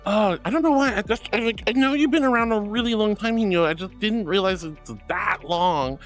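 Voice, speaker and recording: A man's voice: high-pitched, fairly quick, soft background music. A man streaming live, chatting with viewers and reading their messages aloud. He talks in a gushing, affectionate way, laughs often and calls people sweetie and honey. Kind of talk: livestream chat, reading chat.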